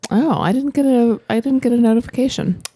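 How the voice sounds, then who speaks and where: A woman co-hosting a casual movie review podcast, playful and quick to laugh. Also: fairly high pitch, dark tone, breathy edge, no echo. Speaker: podcast co-host.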